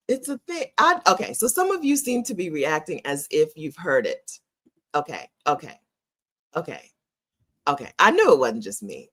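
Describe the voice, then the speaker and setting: Speaking at normal speed in a low voice, an American woman in middle age vlogs casually and shares strong opinions. She's animated and emphatic, repeats phrases, and laughs a lot.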